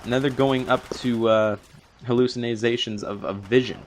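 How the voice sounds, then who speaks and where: A man's voice: mid-range voice, steady tone, normal speed, slight background noise. A young man recapping a TV episode in a long, rambling unscripted review, full of fillers and restarts. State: a little out of breath from long talking.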